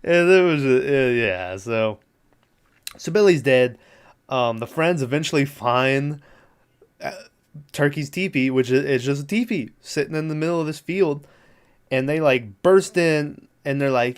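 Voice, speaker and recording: Casual podcast host, male, smooth clear voice, rambles and swears, laughs a lot. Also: medium pitch, moderate pace. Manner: laughing, profane, rambling with many fillers. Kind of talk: casual movie recap.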